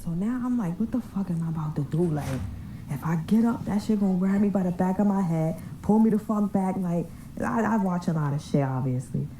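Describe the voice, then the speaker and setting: A woman's voice: mid-range voice, fairly quick, far from the mic, a little hiss or hum. Profane woman telling a scary story. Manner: profane, slangy, animated retelling. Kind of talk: casual storytelling to camera.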